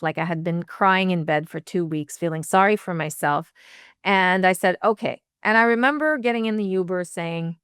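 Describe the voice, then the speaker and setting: A woman's voice: on the low side, moderate pace, a bit bright, clear, resonant tone, dry recording, clean studio sound. A woman relationship coach telling a personal story in a podcast interview, acting out quoted dialogue and laughing often.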